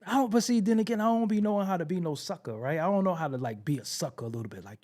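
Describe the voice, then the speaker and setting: A man's voice: high voice, lively intonation, racing, few pauses, mellow. A man hosting a hip-hop commentary show, ranting brashly with profanity and frequent laughter. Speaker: host.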